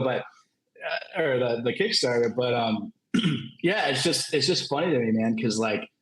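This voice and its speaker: A man telling a story on a panel in a casual, animated way, laughing often and filling his talk with "like". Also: mid-range voice. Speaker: comic creator, panel guest. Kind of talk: casual anecdote on a virtual panel. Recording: roomy echo.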